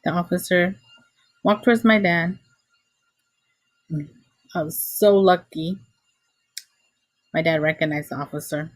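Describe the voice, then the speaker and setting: A woman casually telling a personal story, animated and exclamatory, acting out her own reactions, recorded on a computer mic. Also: fairly low pitch, unhurried, pauses often, no echo. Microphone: computer mic, screen recording.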